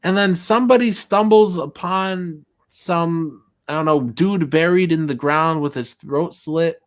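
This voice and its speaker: A man on a casual movie podcast who retells scenes in a rambling, halting way and laughs often. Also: fairly high pitch. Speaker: podcast co-host.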